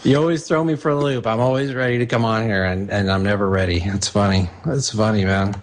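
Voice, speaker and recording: A man appearing as a filmmaker guest on a talk show, chatting in a relaxed, easygoing way and laughing often. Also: on the low side, brisk, slight background noise. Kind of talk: casual interview banter.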